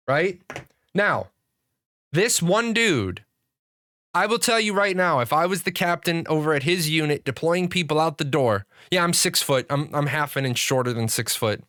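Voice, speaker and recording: A man's voice: on the high side, a bit bright, dry recording, clean studio sound. A man streaming live, ranting with lots of swearing and frequent restarts as he talks to his chat. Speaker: gaming streamer. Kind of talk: profane live-stream rant.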